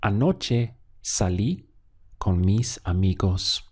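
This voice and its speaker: A man's voice: on the low side, expressive, slow pace, darkish tone, husky. A man teaching a language lesson, patiently asking how to say a phrase and then giving the answer himself. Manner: patient, asks questions then gives the answer.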